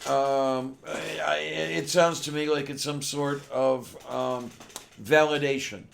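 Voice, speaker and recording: A man in a casual chat who reads verses aloud and muses on them slowly. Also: mid-range voice, flat delivery, gravelly, fairly bright tone, a little hiss or hum. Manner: slow, musing, reads scripture aloud.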